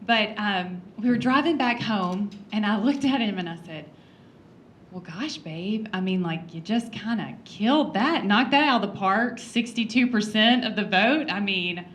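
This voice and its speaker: A woman's voice: medium pitch, lively intonation, measured pace, a little hiss or hum. Earnest woman telling a personal story. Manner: earnest storytelling, soft laughs, frequent ums. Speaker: congresswoman giving a talk. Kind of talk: heartfelt personal speech. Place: breakfast event room.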